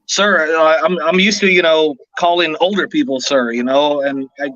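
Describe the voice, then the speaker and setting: A man in his thirties hosting a relaxed chat show, his voice bright and a bit high. He tells stories with playful, exaggerated outrage. The sound is dry and slightly dull, like a budget recording. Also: normal speed, dry recording. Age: 30s. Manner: animated storyteller, exaggerated outrage. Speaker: podcast host. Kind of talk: casual chat.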